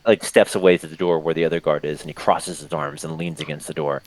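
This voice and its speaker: A man's voice: rumbling low, fairly even intonation, quick pace, no room sound, rough recording. A man narrating a tabletop game as game master, in a loose, rambling way with restarts.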